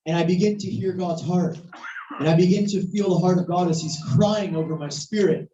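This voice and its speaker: A preacher telling a story in a sermon, animated and at times shouting, recorded in a church hall. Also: mid-range voice, fairly quick, slight background noise. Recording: echoey, distant, muffled hall recording.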